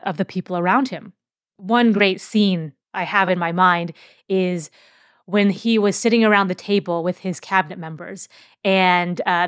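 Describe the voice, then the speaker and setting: A woman's voice: on the low side, clear, resonant tone, dry recording. Woman hosting a dry, close podcast. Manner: conversational, with fillers and restarts. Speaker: podcast host. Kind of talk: casual educational podcast talk.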